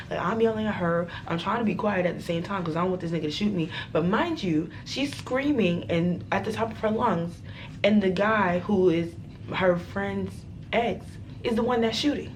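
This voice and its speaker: A young woman vlogger telling a storytime tale in a dramatic, profane, animated way. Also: medium pitch, moderate pace, a little hiss or hum. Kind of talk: storytime vlog.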